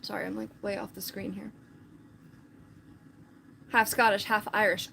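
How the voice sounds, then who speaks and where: A woman's voice: mid-range voice, level tone, a little slow, vocal fry, sharp tone, a little hiss or hum. A woman chatting casually on a live stream, rambling with lots of filler words.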